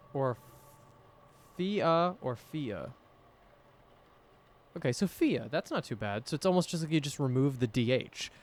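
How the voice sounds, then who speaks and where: A man's voice: medium pitch, a little mellow, a little hiss or hum. A man casually commenting on a mystery game, thinking aloud and reading its text. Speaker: game streamer.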